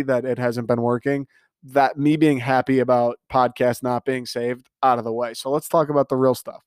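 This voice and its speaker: A man's voice: mid-range voice, darkish tone, clear, resonant tone, no room sound, studio quality. A man in his twenties hosting a casual solo podcast, rambling and sarcastic with self-mocking asides, and bothered by hiccups. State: has the hiccups. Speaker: podcast host.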